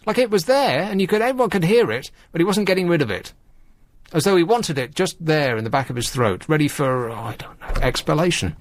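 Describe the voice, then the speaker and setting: A man's voice: fairly high pitch, no echo. A man hosting late-night radio, telling rambling wry stories. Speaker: radio host.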